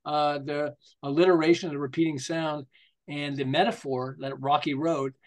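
Older man telling animated, laughing anecdotes. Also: on the high side, normal speed. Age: 60s or older. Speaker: podcast guest, marketing consultant. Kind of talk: casual conversational storytelling.

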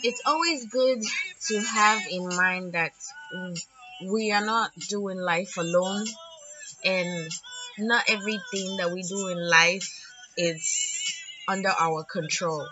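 A woman's voice: mid-range voice, slow pace. A woman hosting a casual solo podcast, talking in an earnest, reflective way. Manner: reflective, earnest, slightly preachy. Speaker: podcast host. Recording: dull lo-fi audio with music underneath.

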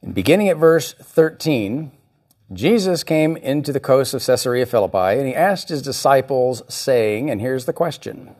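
A man's voice: medium pitch, animated, moderate pace, darkish tone. A male pastor preaching a sermon, reading scripture and acting out the voices he quotes. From United States.

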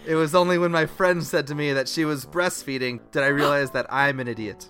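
A man's voice: a little high, fairly even intonation, fairly quick, a bit bright, faint music behind, lightly acted. A man doing a sheepish young nerdy guy. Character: young man reading out his own email. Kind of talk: comic email reading on a podcast.

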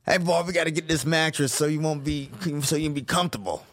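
A man's voice: a little high, fast talker, a bit bright, dry recording. A man voicing a stern, bullying jail cop who barks orders. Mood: gruff. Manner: gruff, curt, ordering.

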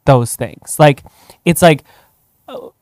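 A man hosting a podcast asks curious, gently probing questions in relaxed conversation. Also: on the high side, takes it slowly, no room sound, clean studio sound. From outside the United States. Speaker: podcast host. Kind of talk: interview conversation.

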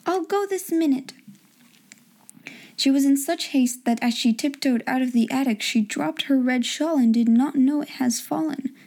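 Warm-voiced woman reading a storybook. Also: high voice, fairly even intonation, normal speed, vocal fry. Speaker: audiobook narrator. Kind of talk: storybook narration.

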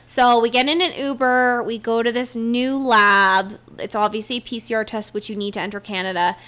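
A woman's voice: a little high, little pitch movement, bright, forceful tone. A young woman co-hosting a podcast, telling a travel story in casual chat with blunt swearing and quoted back-and-forth. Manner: swearing, fast recap with quoted dialogue. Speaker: podcast co-host. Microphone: podcast microphone.

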